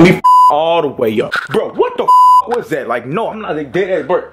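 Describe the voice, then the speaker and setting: A man's voice: a little high, wildly swooping pitch, normal speed, hardly any pauses, loud music behind the voice. A young man in a comedy skit, telling a story and then bursting into profane, panicky outbursts. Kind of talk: acted horror comedy skit.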